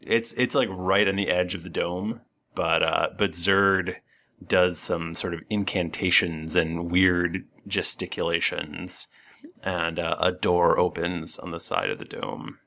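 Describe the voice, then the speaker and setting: A deep-voiced man runs a tabletop game, narrating the scene in a halting way, filling pauses as he goes. His tone is bright and clear. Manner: halting, with many fillers and restarts. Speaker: game master.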